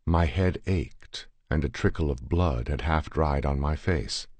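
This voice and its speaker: A man reading a horror tale aloud in a measured, grave first-person narration. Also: a bass voice, a little mellow, husky, no echo. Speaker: audiobook reader.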